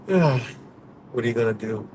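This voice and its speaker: Animated and darkish in tone, this man's medium-pitched voice moves at a moderate pace. He's live streaming from a vehicle on the highway, laughing often while rambling through a profane story in casual fashion. Road and vehicle noise stays faint behind him.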